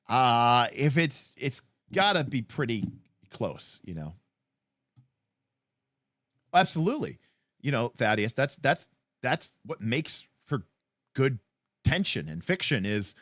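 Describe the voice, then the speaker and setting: A man co-hosting a livestream, chatting casually about tabletop games, rambling with lots of fillers and acting out scenes in quick voices. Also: mid-range voice, fairly bright tone, no echo, clean studio sound. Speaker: livestream co-host.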